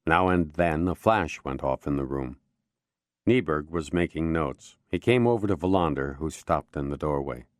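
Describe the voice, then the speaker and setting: A man giving measured, expressive scripted narration of a crime novel audiobook. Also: very deep voice, dry recording, studio quality.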